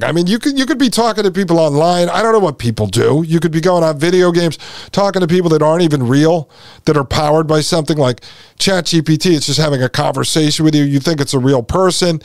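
A man's voice: on the high side, darkish tone, no echo. Emphatic male podcast host, dry sound. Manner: emphatic, conversational, addresses listeners directly. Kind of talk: monologue explaining technology.

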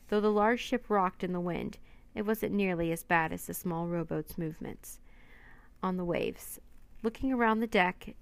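A woman narrates a storybook in a steady, even way. Her voice sits fairly low with a gravelly rasp, and it sounds close and dry. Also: dry recording.

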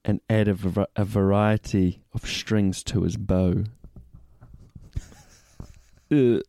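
A man's voice: fairly low pitch, level tone, takes it slowly, no room sound, studio quality. A man co-hosting a sports podcast in casual banter. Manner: banter, protests loudly when teased. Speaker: podcast co-host. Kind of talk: casual chat.

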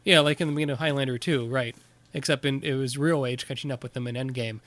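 A man co-hosting a podcast, chatting casually about a movie and recapping its plot in a halting way, with plenty of fillers. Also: mid-range voice, fairly even intonation, a bit bright, dry recording. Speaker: podcast co-host. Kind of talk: casual movie review chat.

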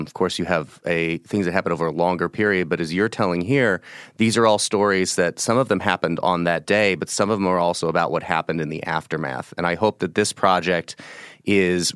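A man hosting a podcast interview, speaking in a measured, earnest way. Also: deep voice, a bit bright, clean tone, dry recording, studio quality. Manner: measured, earnest, closing remarks. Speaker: podcast host. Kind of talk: interview host.

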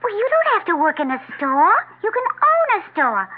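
An actress playing a skeptical, wisecracking frontier sweetheart in 1940s radio acting. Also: female voice, very high voice, very animated, moderate pace. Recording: tinny old radio broadcast.

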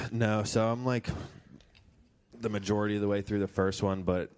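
A man's voice: fairly low pitch, flat delivery, moderate pace, smooth. A man in his twenties co-hosting a podcast, chatting casually with friends, laughing often and rambling through his points. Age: 20s. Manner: laughs a lot, rambling, jokey. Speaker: podcast co-host. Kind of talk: casual chat among friends.

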